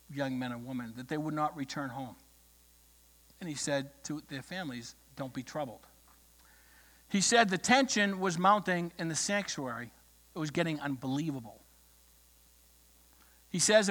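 A male pastor delivers an impassioned sermon in a high, bright voice, rising to ringing declarations and dropping to hushed lines. His words carry a long echo through a church sanctuary.

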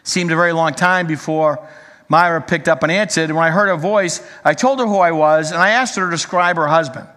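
A man preaching a sermon, telling a long story in an earnest, measured way before turning to the congregation. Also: on the high side, bright, forceful tone, big-room sound.

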